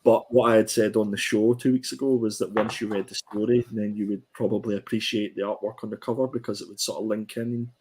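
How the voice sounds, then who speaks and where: A man with a slightly low voice talks through a comic review in a relaxed, casual way. He hesitates often, filling gaps with ums and restarting his sentences. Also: quick pace, few pauses, breathy edge. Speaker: comic book podcast co-host.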